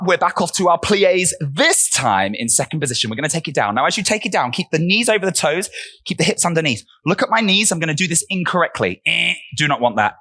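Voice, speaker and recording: A man's voice: on the high side, pushed and bright. A man coaching a barre workout class, counting reps and cueing moves while out of breath, with upbeat encouragement. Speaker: barre fitness instructor.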